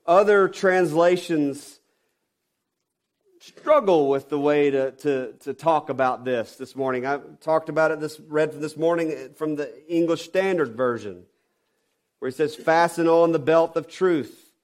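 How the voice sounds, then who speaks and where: Emphatic preaching man, higher voice. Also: measured pace. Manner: emphatic preaching with rhetorical questions; swings between loud stresses and quiet drops. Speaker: pastor. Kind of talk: sermon.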